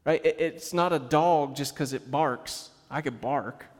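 A man's voice: on the high side, unhurried, big-room sound. A man preaching a sermon in a conversational way, with casual asides and rhetorical questions to the congregation.

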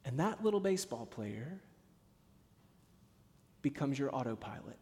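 A man preaching a sermon as a pastor, telling stories and moving from hushed, low passages to emphatic ones. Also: very animated, unhurried. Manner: storytelling, swings from hushed to emphatic. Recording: long hall reverb.

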